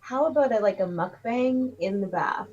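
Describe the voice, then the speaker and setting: A woman's voice: medium pitch, moderate pace, darkish tone, slightly rough. A woman co-hosting a casual livestream chat, rambling and giggly as she riffs on ideas. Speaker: co-host. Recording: dull lo-fi stream audio.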